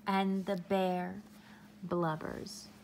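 A woman reading a picture book aloud to a child in a gentle, drawn-out way with soft whispered passages. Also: on the low side, flat delivery, a little hiss or hum. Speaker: storytime reader.

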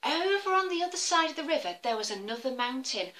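A woman storyteller telling an interactive tale for children, animated and encouraging them to join in. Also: high voice, fast, few pauses, rough recording.

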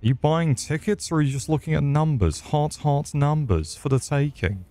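A man's voice: mid-range voice, fairly quick, few pauses, warm tone, no room sound. A man giving crude, rambling comedic commentary while he plays a video game. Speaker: gaming streamer. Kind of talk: profane comedic gameplay commentary.

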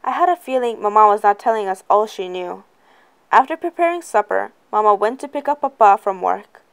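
A woman reading a first-person novel aloud in a plain, even way. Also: mid-range voice, brisk, gravelly, smooth. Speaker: reader.

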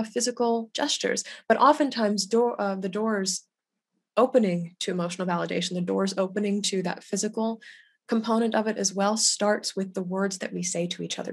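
Gentle breathy woman hosting a webinar. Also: mid-range voice. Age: young adult. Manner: gentle and validating, quotes others' words aloud. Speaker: grief educator hosting a webinar. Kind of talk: webinar talk reading chat comments.

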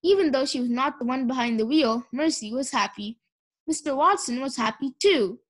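A woman's voice: sits high, moderate pace. Woman reading a children's storybook. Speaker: audiobook reader. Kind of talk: storybook read-aloud.

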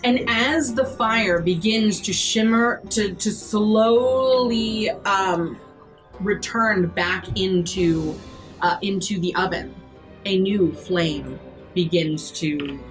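A woman game master narrates a horror tabletop game, pacing her scene descriptions slowly and with care. Her voice sits fairly low, and soft music plays behind her. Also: low-quality recording. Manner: measured, vivid scene description.

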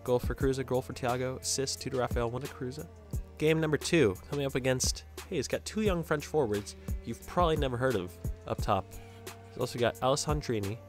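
A young man giving casual, jokey video game commentary, reacting loudly to every play. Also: mid-range voice, a little fast, faint music behind. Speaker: gaming YouTuber.

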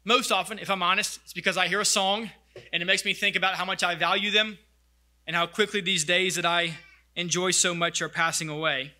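Bright-voiced pastor preaching earnestly. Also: male voice, sits high, fairly even intonation, a little fast. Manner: earnest, reflective preaching with reading aloud. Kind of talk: sermon.

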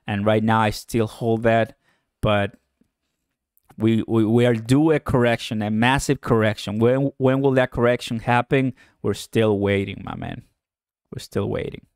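A man's voice: medium pitch, fairly even intonation, normal speed, smooth, no room sound, clean studio sound. A young man from Puerto Rico with a Puerto Rican Spanish accent, hosting a casual livestream and upbeat as he reads out viewer comments. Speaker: livestream host.

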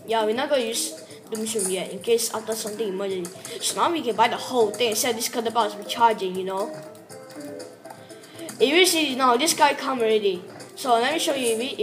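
A woman with a fairly high voice talks through her gameplay in a loose, rambling way. Her English is broken, and she often talks to herself mid-play. Lively game music runs behind her. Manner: rambling, broken English, chatty with self-talk. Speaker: gameplay commentator. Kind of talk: casual game commentary.

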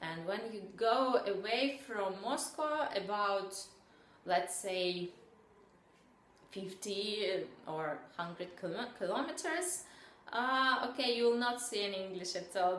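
A young woman with a Russian accent, talking casually to camera in English as a second language, pausing often to search for words. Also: a little high, fairly bright tone, slight background noise. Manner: hesitant, searching for words with many fillers. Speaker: vlogger. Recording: echoey room.

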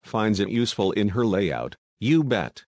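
A daring young woman sleuth, as a man puts her on leans in with sly, breezy talk and mock-American slang. The voice sits fairly low. It sounds dry and close. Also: very animated, a little slow, darkish tone, no room sound. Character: bold playful young woman sleuth, posing as an American detective.

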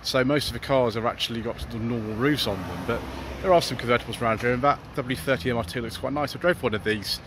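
A man's voice: mid-range voice, fast, hardly any pauses. Enthusiastic British man spotting cars outdoors. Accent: British English. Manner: enthusiastic, chatty commentary addressing viewers. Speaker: car channel host. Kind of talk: walking car-spotting vlog. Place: outdoors on town streets. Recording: outdoor street noise.

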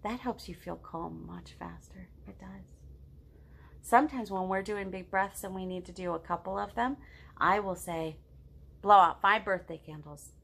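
A middle-aged woman with a husky, medium-pitched voice and vocal fry reads a picture book to children at a moderate pace. She leads the storytime in a gentle, encouraging manner and asks the kids questions.

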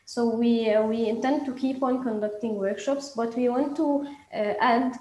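A woman pitching her startup, her talk full of hesitations, fillers and restarts. Her voice sits a bit high and mellow. The sound is roomy and echoing. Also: fairly even intonation, moderate pace. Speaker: startup presenter. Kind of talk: pitch presentation.

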